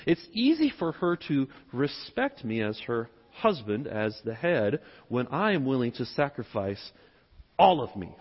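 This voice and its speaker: High, lively Southern US preacher. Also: male voice, normal speed. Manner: conversational, poses rhetorical questions. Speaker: pastor. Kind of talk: sermon. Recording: echoey hall, dull sound.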